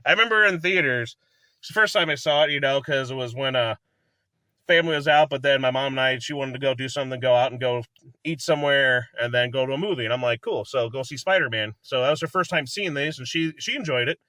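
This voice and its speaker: A man's voice: medium pitch, quick pace, bright, forceful tone, no room sound. A man chatting casually in a movie review, rambling and enthusiastic, laughing often and acting out lines from the film.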